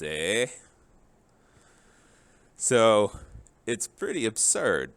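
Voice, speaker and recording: Going through grammar forms one by one, a man with a very deep, low voice teaches Spanish at a measured pace. The recording has a clean tone, and his joking, casual delivery stays relaxed and explanatory the whole way.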